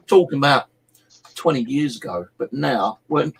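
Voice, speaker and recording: A man's voice: medium pitch, moderate pace, gravelly, background noise. A middle-aged man chatting casually on a live stream, rambling through stories and swearing freely. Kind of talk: casual chat.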